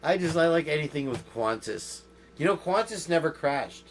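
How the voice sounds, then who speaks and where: A man's voice: on the high side, lively intonation, moderate pace, a crowd in the background. A man hosting a casual podcast, rambling through stories and jokes and laughing often. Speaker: host.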